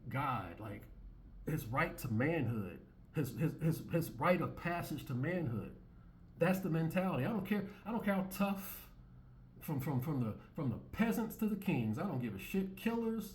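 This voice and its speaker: A man's voice: on the high side, darkish tone, slight background noise. A man hosting his own commentary channel, talking bluntly and repetitively with many restarts and swearing, reacting to clips in an opinionated monologue.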